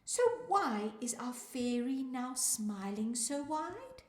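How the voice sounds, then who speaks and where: Animated woman reading a rhyming story. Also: high-pitched, takes it slowly, echoey room. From South Africa. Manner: sing-song rhyming read-aloud, calls out to young listeners. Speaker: children's music teacher reading a story.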